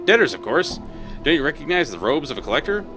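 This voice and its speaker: A man's voice: a little high, big pitch swings, quick pace, over music, voice pushed up. A man doing a breezy, slangy corpse collector. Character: upbeat ragged male corpse collector, friendly.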